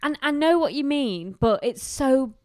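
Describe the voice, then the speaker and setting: A woman's voice: high-pitched, animated, a little slow, no echo, clean studio sound. Bubbly woman with a Yorkshire accent. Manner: bubbly, laughs often. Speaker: podcast co-host. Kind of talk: casual chat.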